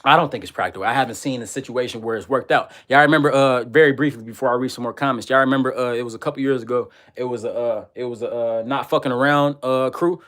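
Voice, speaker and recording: A man hosting a livestream, reading viewer comments and ranting with loud, profane, repetitive insults. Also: medium pitch, fast talker, hardly any pauses.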